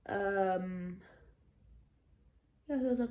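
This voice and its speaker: A woman in her twenties telling a personal story to her viewers in a chatty, animated way. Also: on the high side, takes it slowly, long pauses. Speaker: vlogger. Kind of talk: story time vlog.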